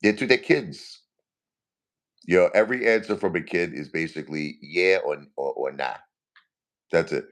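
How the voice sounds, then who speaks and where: A man's voice: low voice, normal speed, long pauses. A grieving man in his forties, talking casually to his live-stream viewers. He repeats himself and speaks to viewers by name. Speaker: livestream host.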